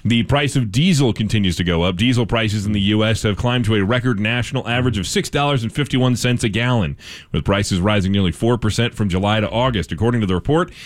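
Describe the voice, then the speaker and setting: A man's voice: lowish voice, fast. A man hosting a local radio show, reading news items with casual asides and fillers.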